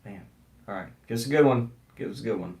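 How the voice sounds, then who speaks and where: A man co-hosting a casual podcast chat, relaxed, asking questions and reading out listener comments. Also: on the low side, fast talker, distant mic. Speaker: podcast co-host. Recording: roomy sound, a bit off-mic.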